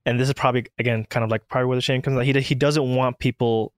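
A man's voice: medium pitch, fairly even intonation, racing, no echo, clean studio sound. Easygoing man co-host, mid voice. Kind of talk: casual podcast conversation.

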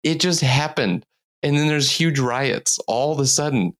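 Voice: medium pitch, a little slow. A tired podcast host telling a news story in casual chat, rambling and giggling often. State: tired from lack of sleep.

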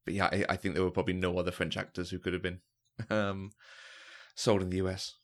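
A man talks about a film in a relaxed, unscripted way. His voice sits low. He often halts and repeats a word before the thought comes out. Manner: halting, repeats words when starting a thought. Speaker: podcast co-host. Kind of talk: casual film discussion.

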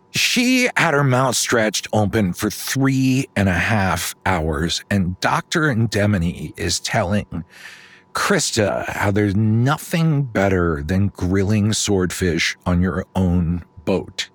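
Animated man improvising a comic story. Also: lowish voice, takes it slowly, no echo. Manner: animated storytelling with sudden put-on voices. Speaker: podcast host telling an improvised story. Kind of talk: improvised bedtime story, comedic.

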